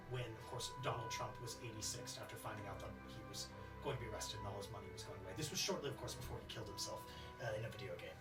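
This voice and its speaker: A game master voicing a quiet, rambling, apologetic male waiter. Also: mid-range voice, pitched below the performer's own voice, lightly acted. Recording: roomy room, distant mic, faint music.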